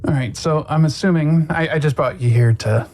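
Very low-voiced woman game master. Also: moderate pace. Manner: casual, relaxed, laughs between descriptions. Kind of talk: narrating a tabletop game podcast.

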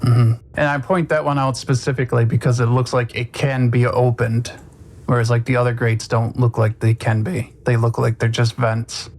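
Very low-voiced woman game master. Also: moderate pace. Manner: casual, relaxed, laughs between descriptions. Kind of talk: narrating a tabletop game podcast.

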